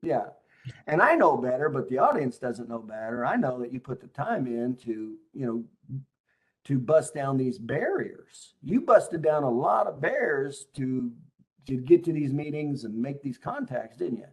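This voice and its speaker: A man's voice: medium pitch, very animated, measured pace. A man hosting a casual interview, a chiropractic consultant who asks leading questions in a coaching tone.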